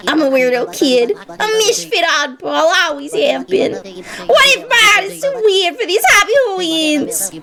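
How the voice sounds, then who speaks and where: A woman's voice: extremely high pitch, expressive, unhurried, gravelly, crowd noise, voice pushed up, heavily acted. A woman voicing a nervous misfit kid performer from a video game, anxious and self-doubting. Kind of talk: reading game dialogue aloud.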